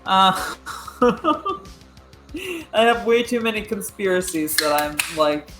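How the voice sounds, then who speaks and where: A woman's voice: mid-range voice, animated, slow pace, music in the background. A woman player in a tabletop role-play, talking in a flustered, stammering way.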